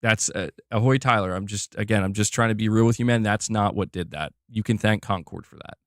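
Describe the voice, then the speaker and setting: A man's voice: fairly low pitch, brisk, no room sound, studio quality. A man giving blunt, opinionated commentary on gaming news, emphatic and repeating himself as he pushes his point.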